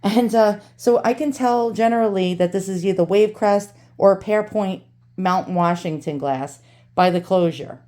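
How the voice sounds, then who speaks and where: A woman's voice: mid-range voice, normal speed, mellow. A woman with a New York accent hosting an antique unboxing vlog at home, ranting and cursing, then turning cheerful. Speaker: antique channel host. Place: home with dogs.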